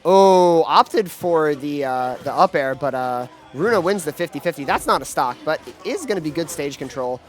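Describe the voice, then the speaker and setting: A man with a somewhat high voice calls a fighting game live from an event venue. His commentary is excitable and packed with fillers and quick restarts. Faint music plays in the background. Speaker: esports commentator.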